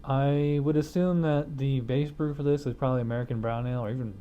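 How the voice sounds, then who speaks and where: A man's voice: mid-range voice, steady tone, quick pace, dull audio, slight background noise. A man casually reviewing a beer in a home studio, rambling with lots of fillers and restarts and chuckling at his own jokes. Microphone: wireless lapel mic hidden behind a studio mic.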